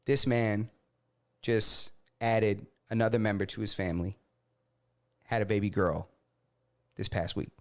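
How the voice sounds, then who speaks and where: A man's voice: fairly low pitch, little pitch movement, unhurried, pauses often, fairly bright tone. A young man, co-hosting a podcast, playful and emphatic, laughing often. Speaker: podcast co-host. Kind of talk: casual chat.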